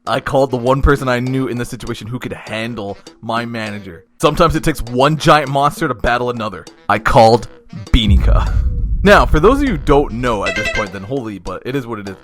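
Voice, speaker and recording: A young man narrates an animated story time in a slangy, lively way. His voice jumps from loud excited bursts to low hushed asides. Faint music plays underneath.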